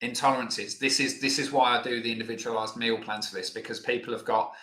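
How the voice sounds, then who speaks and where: A man's voice: medium pitch, steady tone, fast, pushed and bright, reverberant. A man hosting a live online Q&A lesson, chatty and loose, with plenty of fillers. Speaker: health educator host.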